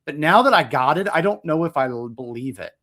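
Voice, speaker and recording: A male wrestling podcast co-host chats casually in a slightly high, fairly bright voice, animated and fairly quick. He rambles, keeps interrupting and restarting his own sentences, and chuckles as he goes.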